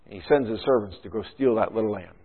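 A man's voice: on the low side, fast. Man preaching over a tinny line. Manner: preaching, with rhetorical questions and frequent "right?". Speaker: pastor. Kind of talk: sermon. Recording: tinny phone-like sound.

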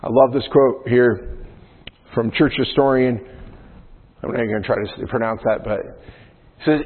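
A man's voice: medium pitch, steady tone, moderate pace, long pauses, breathy edge. A male pastor preaching a sermon in a conversational way, often checking in with "right?" as he explains Scripture. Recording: phone-like sound in a long-reverb hall.

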